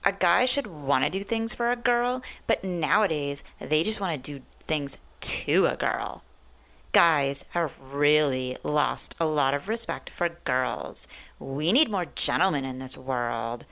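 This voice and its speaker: A woman's voice: low-pitched, lively intonation, unhurried, creaky, a bit bright, heavily acted. A woman voicing a gushing young Valley Girl with a sing-song, preachy delivery. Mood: mock-earnest.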